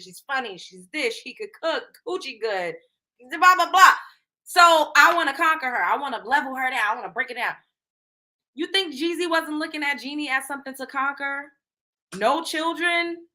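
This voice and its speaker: Woman gossip host, bright and high-voiced, talking casual and slangy with an animated delivery. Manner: slangy, animated, laughing asides. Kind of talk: casual celebrity gossip commentary.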